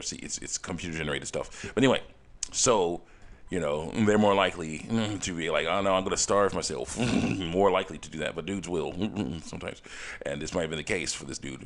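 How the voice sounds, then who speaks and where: Rambling low-voiced man telling a story. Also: a bit bright. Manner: rambling, many restarts and chuckles, acts out quoted voices. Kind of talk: casual storytelling while working on a game mod.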